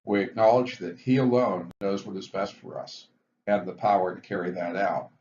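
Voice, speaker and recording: A man explaining the twelve recovery steps in a measured, explanatory lecture, stressing each step heading. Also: deep voice, darkish tone. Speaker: physician teaching addiction recovery. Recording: dull lo-fi recording with faint hiss.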